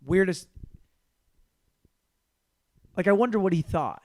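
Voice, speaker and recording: A man's voice: a little high, moderate pace. A man in his thirties hosting a solo comedy podcast, telling stories and acting out the other people in them, with plenty of swearing. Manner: animated storyteller acting out voices, swearing freely.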